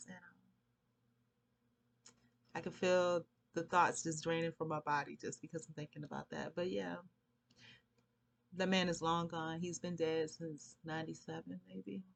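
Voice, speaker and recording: A woman's voice: low-pitched, little pitch movement, a little slow, vocal fry, pauses often. A woman vlogging, telling a long casual story in a rambling, chatty way and laughing often.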